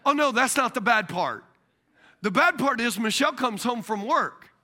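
A man preaching a sermon as a pastor, telling stories in an animated way. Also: very high voice, normal speed.

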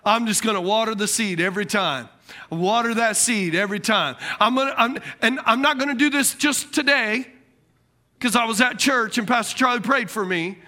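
A man delivers a lively sermon in a high, bright voice. He acts out the people he quotes and laughs at his own asides. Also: normal speed. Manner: animated preaching, quotes imagined people, laughs at himself. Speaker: pastor.

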